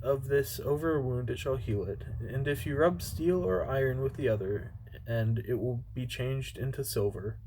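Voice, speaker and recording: A male bottle spirit who has swelled to a giant's size begs and bargains for his freedom, as a man reads him aloud. He speaks in a storybook reading voice at an ordinary pitch, with small stumbles and restarts along the way. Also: normal speed, darkish tone, slight background noise, close to an everyday voice, low-quality recording. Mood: promising. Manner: read plainly with stumbles and restarts.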